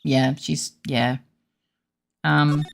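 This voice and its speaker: A woman's voice: low voice, little pitch movement, very slow, vocal fry, slight background noise. A woman streamer giving casual, joking commentary and reading game dialogue aloud, often swearing and laughing.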